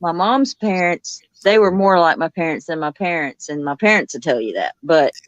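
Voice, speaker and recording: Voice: mid-range voice, lively intonation, normal speed, dry recording, highs cut off. A speaker in a casual chat, telling family anecdotes with relish. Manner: chatty, tells anecdotes with relish.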